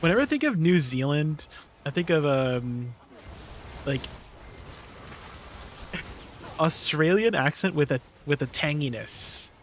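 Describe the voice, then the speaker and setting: A man with a fairly high voice and big pitch swings chats casually with his livestream viewers, laid-back and laughing often. He takes his time and pauses frequently, and the audio carries a little hiss or hum.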